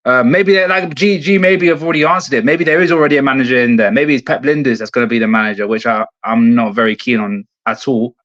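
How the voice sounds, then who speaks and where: A man's voice: mid-range voice, fast, hardly any pauses, a bit bright. A man calling in as a football fan guest, stunned and blunt, swearing, over an earphone mic. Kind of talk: casual podcast chat. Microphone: earphone mic on a call. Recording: dull lo-fi call audio.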